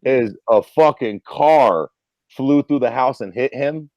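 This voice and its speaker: A man in his thirties chats on a podcast, swearing freely as he spins a story. He slips into voices to act out the people he quotes. His voice sits at an ordinary pitch and is recorded close and dry. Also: slow pace, darkish tone, dry recording. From Ohio, USA. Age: 30s. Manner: profane, storytelling, acts out quotes. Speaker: podcast co-host. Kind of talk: casual chat.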